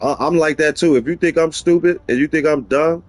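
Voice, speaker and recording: A middle-aged man hosting a gaming livestream in casual street slang. He rambles and repeats himself for emphasis, jumping into high-pitched voices when he quotes people. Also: brisk, dry recording. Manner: rambling and opinionated, slips into animated high-pitched quoting of others.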